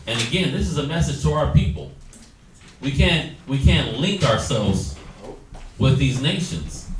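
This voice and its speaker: Animated preaching man in an echoey room. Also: medium pitch. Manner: animated, exhorting, acts out quoted dialogue. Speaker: Bible class teacher. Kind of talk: preaching Bible study. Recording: echoey room, distant mic, faint noise.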